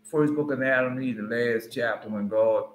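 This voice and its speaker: A man's voice: mid-range voice, normal speed, slight background noise. A man giving an informal Bible teaching in a conversational, rambling way with frequent asides. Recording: roomy echo.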